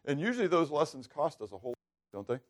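A pastor preaches fast in a slightly high, sing-song voice. Throughout his sermon he questions the congregation and performs the prayers he cites.

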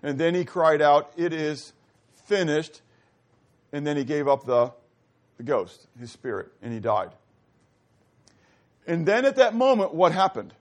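A man's voice: fairly high pitch, very animated, unhurried, long pauses. A man preaching a sermon, teaching animatedly and putting questions to his listeners. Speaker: pastor.

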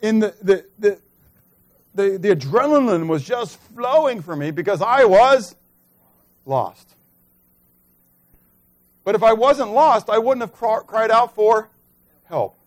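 Emphatic preaching man, loud then hushed. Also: high-pitched, animated, takes it slowly, long pauses. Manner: swings between loud emphatic preaching and soft quiet asides; conversational, asks the congregation questions. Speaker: pastor. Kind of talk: sermon.

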